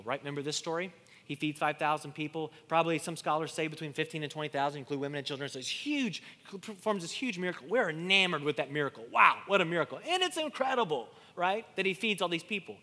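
Emphatic preacher in a reverberant hall. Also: male voice, a little high. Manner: emphatic preaching, swinging from loud to hushed; repeats and restarts words as he preaches. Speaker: pastor. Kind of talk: sermon.

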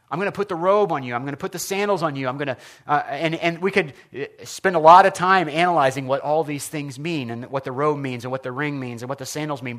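A man preaching a sermon as pastor, earnest and expressive, often asking his listeners questions. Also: fairly high pitch.

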